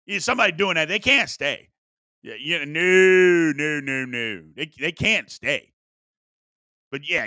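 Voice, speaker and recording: Male live-stream host, high and lively voice, dry close mic. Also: dry recording. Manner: animated, repetitive, playful asides. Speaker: sports talk show host. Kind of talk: live-stream talk show, fan participation.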